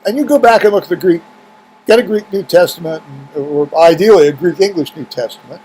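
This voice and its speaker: This middle-aged video blogger talks brisk and loose to his camera from a home room with heaters going, circling back and filling gaps with ums. He sits high in pitch, with a darkish, breathy tone captured on a low-quality recording.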